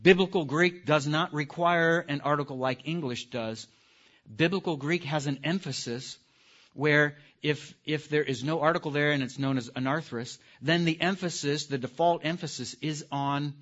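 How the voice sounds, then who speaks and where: A man teaching a live class in a lively lecture, putting questions to the audience and stressing key words. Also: fairly high pitch, moderate pace. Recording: dull lo-fi recording.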